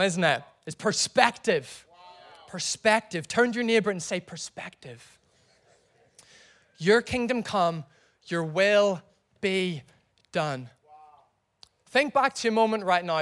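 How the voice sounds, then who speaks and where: Animated preacher man, high voice. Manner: animated storytelling preacher with crowd prompts. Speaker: pastor. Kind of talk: sermon.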